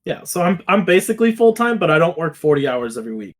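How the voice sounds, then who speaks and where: A young man with a slightly high-pitched voice chats casually on a podcast. His stories ramble and swear freely, and they keep sliding toward a rant. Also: sing-song, quick pace. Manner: profane, rambling storyteller who drifts into rants. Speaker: podcast co-host. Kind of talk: casual chat.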